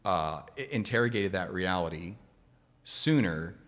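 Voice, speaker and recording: A man's voice: sits low, expressive, a little slow, fairly bright tone, long reverb tail. A man in a casual interview, speaking reflectively and asking probing questions.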